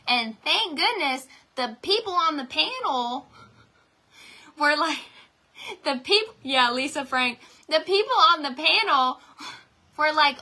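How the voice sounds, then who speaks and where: Give me a woman with a fairly high voice, talking straight to her viewers in a motivational live stream. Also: a little slow, pushed and bright. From North Carolina. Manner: chatty, rambling, addresses viewers directly. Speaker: direct sales team leader.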